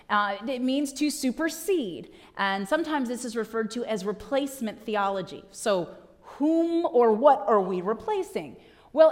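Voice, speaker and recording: Woman pastor, conversational sermon, wry asides, slightly high voice, echoing church hall. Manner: conversational preaching with rhetorical questions and asides. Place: church sanctuary. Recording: long reverb of a church hall.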